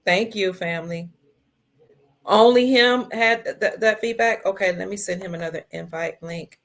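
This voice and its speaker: A woman hosting a casual livestream, reading viewer comments, emotional and tearful, her voice swinging between soft and loud. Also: medium pitch, normal speed. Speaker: livestream host.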